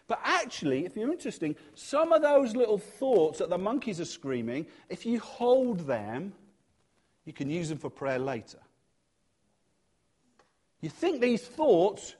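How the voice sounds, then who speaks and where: A male church leader preaching in a lively, conversational way, with humorous asides and quieter moments on softer points. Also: high-pitched, normal speed. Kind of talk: sermon.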